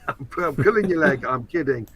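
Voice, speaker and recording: A man's voice: a little high, wildly swooping pitch, measured pace, a bit bright, low-quality recording. A man from England co-hosting a casual podcast chat, teasing and explaining at length. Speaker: co-host and show expert.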